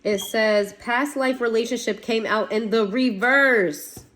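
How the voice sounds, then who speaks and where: A woman's voice: on the high side, a little slow, background noise. A woman giving a casual tarot reading to her viewers, blunt and swearing, laughing now and then. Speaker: tarot reader.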